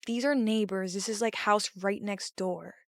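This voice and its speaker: Smooth-voiced woman telling a spooky story. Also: medium pitch, unhurried, dry recording, studio quality. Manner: animated, acts out quotes, swears casually. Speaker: podcast host. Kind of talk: casual storytelling.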